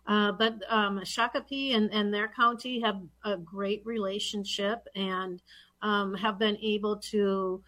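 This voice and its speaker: A woman's voice: medium pitch, steady tone, a little slow, bright, forceful tone. A woman who serves as a state legislator, talking casually with lots of ums and restarts. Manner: rambling with many fillers and restarts. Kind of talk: casual conversation.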